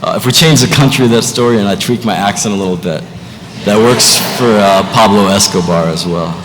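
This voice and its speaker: A man's voice: on the low side, fairly quick. A young man giving a commencement speech as a student speaker, with a light, joking delivery. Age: young adult. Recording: echoey hall, faint noise.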